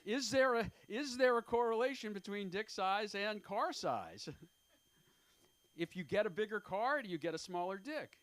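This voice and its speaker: A man in his fifties doing an open-mic stand-up set on a comedy club stage. He talks in a rambling, self-deprecating way, halting often with fillers. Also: high voice, animated, fairly bright tone. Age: 50s.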